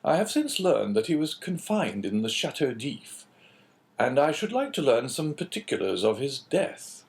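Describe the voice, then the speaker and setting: A man voicing a calm, phlegmatic English businessman in an audiobook, cool and measured. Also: mid-range voice, vocal fry.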